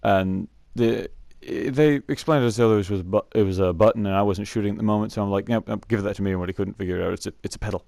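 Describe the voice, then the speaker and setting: Young man, casual storyteller, rambling, frequent laughs, low gravelly voice, dry close sound. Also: fast talker, few pauses, darkish tone, no echo. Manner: rambling, laughs often, many fillers and restarts. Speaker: scout camp storyteller.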